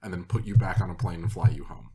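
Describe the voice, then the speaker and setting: A man co-hosting a casual film-review podcast, cracking deadpan contrarian jokes. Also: sits low, quick pace, a little hiss or hum. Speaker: podcast co-host.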